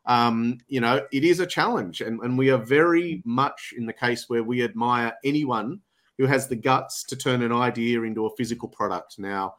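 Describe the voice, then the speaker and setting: A man's voice: medium pitch, a bit bright. A man, a podcast guest chatting casually on a video call and often restarting his sentences. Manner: halting, many restarts and fillers. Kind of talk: casual chat.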